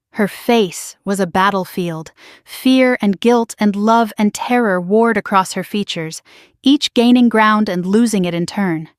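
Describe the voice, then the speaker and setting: Steady woman storyteller, dry sound. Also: mid-range voice, dry recording. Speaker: narrator. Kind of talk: scripted first-person story narration.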